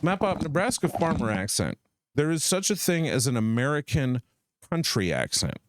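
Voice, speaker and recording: A man's voice: mid-range voice, sing-song, moderate pace, dry recording. A man co-hosting a live stream, chatting in a rambling, playful way. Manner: rambling, playful, musing aloud. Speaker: stream co-host. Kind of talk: casual chat.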